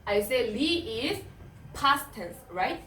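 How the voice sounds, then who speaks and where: A woman leads a language lesson, drawing out each word slowly so students can follow. Her voice rises and falls in a lively way and sits fairly high. She sounds a little distant in an echoey room, with faint noise behind. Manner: patient, repeats words slowly for students. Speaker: Swahili teacher.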